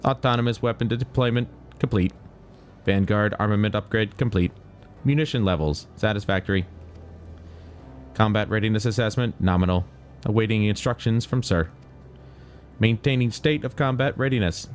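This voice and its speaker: A man voicing a male combat robot soldier in a mechanical monotone while reading game dialogue aloud. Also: on the low side, normal speed, soft background music, close to an everyday voice. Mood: robotic.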